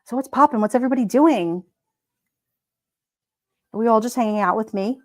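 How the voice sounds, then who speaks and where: A woman's voice: fairly high pitch, brisk, a little mellow, no room sound. A woman hosting a live stream, chatting casually and rambling with her viewers, often giggling.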